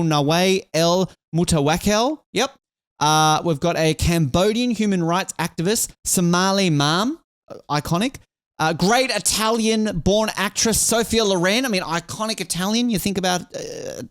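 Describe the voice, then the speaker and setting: A man hosting a casual podcast, talking in a lively, irreverent way and swearing freely. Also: sits high, no room sound, studio quality. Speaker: podcast host.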